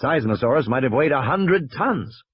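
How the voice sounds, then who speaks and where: A man narrates an audiobook at a steady storytelling pace, his slightly husky voice rising and falling with animated pitch. The recording is dry and somewhat muffled. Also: normal speed, no room sound.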